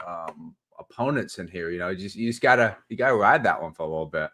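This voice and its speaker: Male co-host, bright forceful tone, playful boasting, casual stream banter. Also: low-pitched, expressive. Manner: bragging, teasing, halting. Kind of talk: casual livestream chat.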